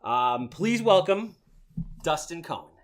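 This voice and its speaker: Brash nasal New host. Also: male voice, on the high side, sing-song, slow pace, noisy background. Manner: brash, joking salesman patter. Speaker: podcast host. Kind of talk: casual interview chat.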